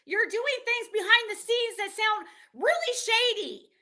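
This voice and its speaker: A woman live streamer ranting in a heated, exasperated way, swearing and firing off quick outbursts. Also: very high voice, lively intonation, bright, forceful tone. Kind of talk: heated livestream rant.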